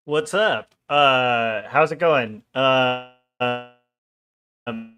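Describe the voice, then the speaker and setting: A man's voice: medium pitch, drawn-out words, sharp tone, soft background music. A man in his forties, an illustrator chatting casually on a livestream while he draws, loose and rambling with small jokes. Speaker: illustrator streaming his drawing work.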